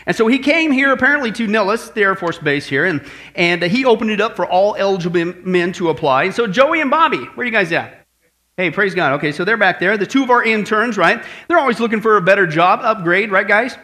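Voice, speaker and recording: A man's voice: sits high, a little fast. A male pastor preaching a sermon in a church, joking and telling stories as he goes. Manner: joking, lively storytelling preacher.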